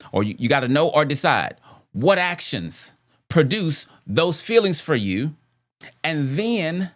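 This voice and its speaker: A man hosting a podcast, speaking casually about relationships with rhetorical questions and frequent repeated phrases. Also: mid-range voice. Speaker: podcast host.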